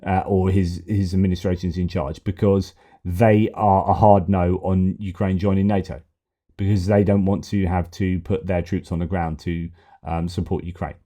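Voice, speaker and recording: A man's voice: low voice, flat delivery, normal speed, warm tone. A man giving sarcastic, exasperated political commentary, often repeating himself. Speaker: news commentator.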